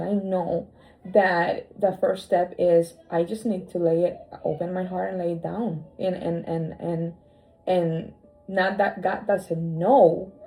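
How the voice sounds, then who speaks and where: Emotional woman, soft and mellow. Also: mid-range voice, poor audio. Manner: emotional, halting, restarts phrases. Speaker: co-host sharing her story. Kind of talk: heartfelt personal conversation.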